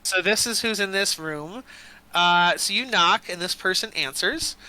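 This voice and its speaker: A man's voice: high-pitched, measured pace, pushed and bright, a little hiss or hum. A man narrating a tabletop game as dungeon master, playful and joking, with frequent "uh" fillers. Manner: playful, laughing, many "uh" fillers.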